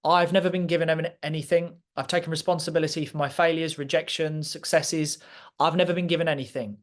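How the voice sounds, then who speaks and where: A man with a slightly raised pitch delivers a motivational talk to a live audience. He speaks clearly and with authority, direct and emphatic, pressing his points with passion. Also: little pitch movement, fast talker. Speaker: guest speaker.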